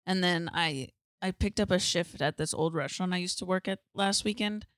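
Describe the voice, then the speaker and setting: A woman's voice: fairly low pitch, fairly bright tone, dry recording. Young female co-host from San Diego, playful, theatrical chatter, dry mic. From San Diego, USA. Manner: playful, dramatic, quick laughs. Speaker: podcast co-host. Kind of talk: casual chat.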